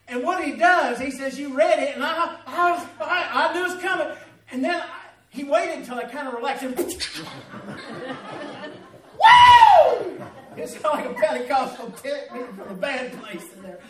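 Southern preacher guy, high voice, folksy storytelling, echoey and kinda far off. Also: normal speed, noisy background. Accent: Southern American. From American South. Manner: folksy storytelling, laughing through the tale. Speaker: pastor. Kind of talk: sermon with a personal story. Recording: echoey, from a distance.

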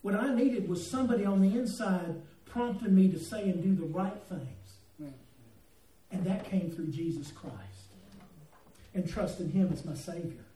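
In a church sanctuary, a pastor with a high-sitting, mellow voice preaches a sermon full of folksy stories, jokes, and asides to the congregation. The distant mic picks up the echoey hall along with a little hiss or hum.

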